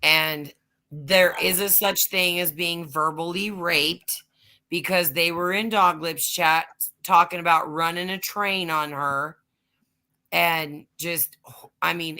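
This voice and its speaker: Her voice is on the low side, with a pushed, bright quality. She's a livestream host chatting casually and spinning long, wandering stories full of curse words.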